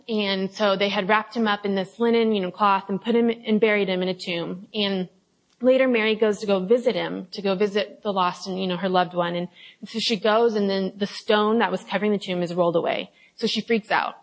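A woman's voice: mid-range voice, low-quality recording. A young adult woman giving a casual devotional talk, reading scripture and then chatting confessionally, with many fillers and acted-out quotes. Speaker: Bible study leader.

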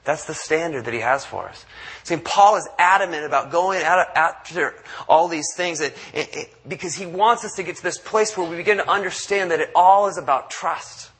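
Husky, bright-voiced man preaching. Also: fairly high pitch, normal speed. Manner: conversational preaching with acted-out quotes and many restarts. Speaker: pastor. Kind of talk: sermon.

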